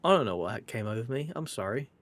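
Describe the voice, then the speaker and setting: A playful Englishman narrates his game on stream with a wry, casual style, occasionally slipping into exaggerated posh phrasing. His voice is medium-pitched, expressive and quick.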